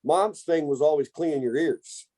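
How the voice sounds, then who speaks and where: A man's voice: on the high side, normal speed, dark tone. A man co-hosting a casual podcast, rambling through family stories with jokes and restarts. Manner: rambling, self-interrupting, jokey. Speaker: podcast co-host. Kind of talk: casual family storytelling chat.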